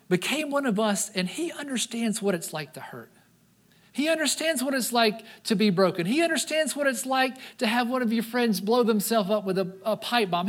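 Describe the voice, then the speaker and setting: A man preaching a sermon as pastor, with a high voice and a lively, animated delivery. He now and then slips into the voices of people in the story he is telling.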